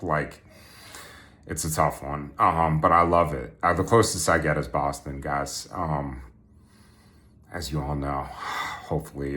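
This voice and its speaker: A deep-voiced man rambles into his phone camera from a bathtub. He drifts from thought to thought with a jokey, offhand tone, full of "um"s and half-finished restarts. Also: a bit bright. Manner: meandering, jokey, many "um"s and restarts. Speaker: vlogger. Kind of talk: rambling stream-of-consciousness monologue.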